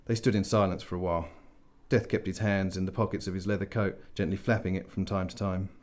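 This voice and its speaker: A man reading a science fiction story aloud as narrator, dry and measured. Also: deep voice, steady tone, darkish tone. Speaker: audiobook narrator. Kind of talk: scripted narration.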